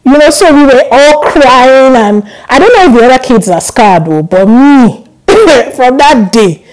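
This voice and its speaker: A young woman vlogger chatting casually to camera, telling stories with animated laughs. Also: high voice, unhurried, noisy background. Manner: animated storytelling, laughs often.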